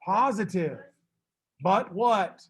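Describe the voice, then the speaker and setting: A man teaching a math class, brisk and teasing, fussing at students and then reassuring them. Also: high voice, lively intonation, husky.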